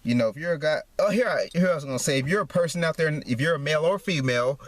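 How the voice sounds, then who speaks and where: A man's voice: fairly high pitch, expressive, very fast, dry recording. A man ranting to camera in a repetitive, heated monologue, tacking "man" onto his sentences. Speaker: vlogger.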